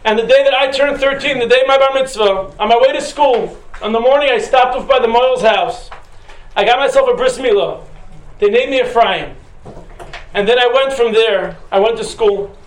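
A man's voice: very high-pitched, normal speed. A weepy, drunk young Russian man pours out his heart in a raised, earnest voice with broken phrases, as a storyteller puts him on. The sound rings in a roomy, echoing space. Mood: confiding.

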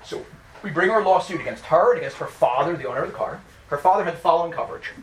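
Animated storytelling lawyer, fast and fairly high-voiced, keeps restarting sentences. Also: male voice, slight background noise. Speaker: personal injury lawyer giving a talk. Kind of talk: storytelling lecture.

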